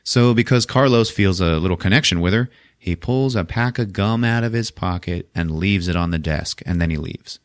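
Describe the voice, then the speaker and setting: A man's voice: low-pitched, moderate pace. A male podcast host casually recapping a horror film, joking and swearing often. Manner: profane, joking, laughs often.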